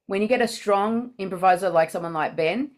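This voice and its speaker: A woman's voice: mid-range voice, a little fast. A woman improviser chatting through commentary on her show, giving tips with lots of fillers. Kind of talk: casual reaction commentary.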